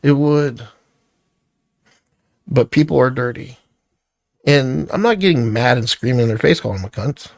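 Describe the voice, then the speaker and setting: A man's voice: medium pitch, moderate pace, gravelly, pauses often, no room sound, studio quality. A middle-aged man ranting angrily to camera, heated and profane as he vents about family conflict. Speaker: vlogger. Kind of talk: angry personal rant to camera.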